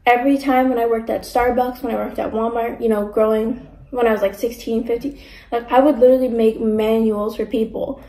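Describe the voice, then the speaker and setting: A chatty young woman talks through a casual eating vlog and slips into other people's voices as she tells her stories. Her voice sits a little high. The room around her is noticeably echoey. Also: fairly quick. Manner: chatty, animated storytelling with mimicked voices. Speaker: mukbang vlogger. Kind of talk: casual chat while eating.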